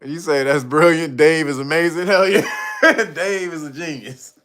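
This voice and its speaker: A man's voice: fairly high pitch, moderate pace, a bit bright. Laughing man retelling comedy bits. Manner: laughs often, retells jokes with put-on voices. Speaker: streamer host. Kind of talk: casual storytelling.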